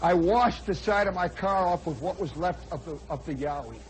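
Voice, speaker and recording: A man in his forties, a radio host telling a comic personal story in an animated way, now and then shouting for effect. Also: high voice, normal speed, low-quality recording. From United States. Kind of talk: spoken storytelling monologue. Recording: old radio broadcast with faint crowd and noise.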